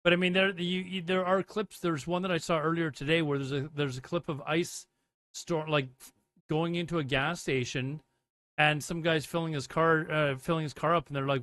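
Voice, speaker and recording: A man's voice: fairly high pitch, steady tone, moderate pace, fairly bright tone, no echo. A man hosting a livestream, rambling casually and reading chat messages aloud and answering them. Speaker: livestream host. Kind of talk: casual live commentary.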